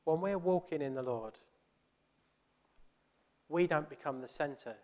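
A man preaching in a church in an earnest, conversational way, often asking his listeners questions. His voice sits a little high, and it trails off into a long church reverb. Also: a little slow, a little mellow. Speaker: pastor. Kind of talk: sermon.

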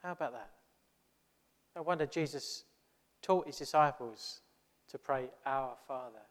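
A man preaching in a church in an earnest, conversational way, often asking his listeners questions. His voice sits a little high, and it trails off into a long church reverb. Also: a little slow. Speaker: pastor. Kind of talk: sermon.

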